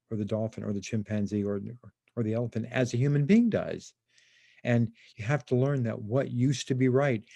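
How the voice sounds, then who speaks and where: An older man speaking as a guest in a conversation about animal rights over a video call. He talks haltingly and often repeats or restarts his words. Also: fairly low pitch, gravelly, dark tone, dry recording. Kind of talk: casual conversation.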